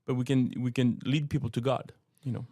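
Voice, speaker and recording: A man in his sixties with a French accent, co-hosting a faith podcast in an earnest, halting way with many restarts. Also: mid-range voice, flat delivery, dark tone, no room sound, studio quality. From France. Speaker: co-host and apologetics teacher. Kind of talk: casual podcast conversation.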